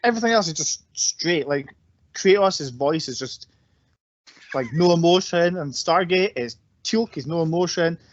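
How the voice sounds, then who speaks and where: A man's voice: fairly high pitch, lively intonation, normal speed, lo-fi sound. A man co-hosting a podcast, rambling casually about a film and searching for words. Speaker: podcast co-host. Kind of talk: casual chat reviewing a film.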